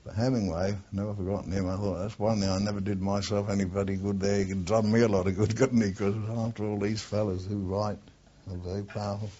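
A man's voice: fairly low pitch, little pitch movement, fast talker, warm tone. An older man, a war veteran, bluntly reminiscing in an oral history interview, swearing often and drifting off topic. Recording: dull lo-fi archive tape.

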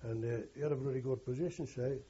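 A man's voice: mid-range voice, steady tone, quick pace, dark tone, breathy edge, dull audio. An older man, recalling his wartime experience in a rambling, earthy way and correcting himself as he goes. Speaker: war veteran interviewee. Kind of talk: oral history recollection.

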